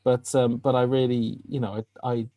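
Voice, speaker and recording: A man's voice: mid-range voice, flat delivery, normal speed, warm tone, dry recording, clean studio sound. A man co-hosting a podcast, talking hesitantly in a casual chat, often restarting his phrases. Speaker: podcast co-host.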